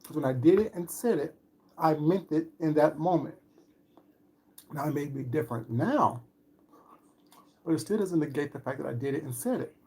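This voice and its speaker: A woman's voice: low-pitched, lively intonation, normal speed, long pauses, dark tone, slightly rough. A woman on a livestream, commenting on online drama with sarcastic rhetorical questions. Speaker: streamer.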